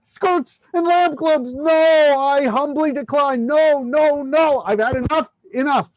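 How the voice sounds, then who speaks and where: A man's voice: high-pitched, expressive, normal speed, darkish tone, dry recording, low-quality recording. A man voicing a desperate, overworked male clerk in a play reading, ranting breathlessly about his burdens. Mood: despairing. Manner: exasperated ranting, breathless complaints.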